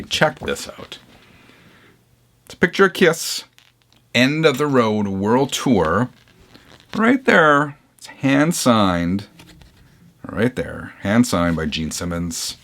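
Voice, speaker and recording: Deep-voiced chatty male vinyl vlogger. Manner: chatty, animated, reacts with surprise. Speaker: vinyl channel host. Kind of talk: casual vlog chat. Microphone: camera mic, leans toward camera.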